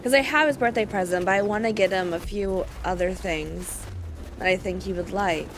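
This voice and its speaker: A young woman streaming a game, chatting casually in animated, laughing rants. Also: medium pitch, moderate pace, music in the background. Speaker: gaming streamer. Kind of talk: casual let's-play chat.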